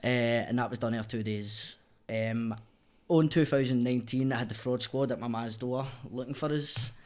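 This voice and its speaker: A man's voice: mid-range voice, moderate pace, a little mellow. A young man with a Glaswegian accent, telling his story as a podcast guest in blunt, sweary casual chat. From Scotland.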